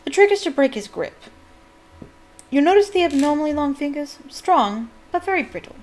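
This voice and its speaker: Calm kindly male wizard teacher, soft and quiet, unhurried, fairly high voice, as a woman reads him. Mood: gentle. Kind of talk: reading a novel aloud.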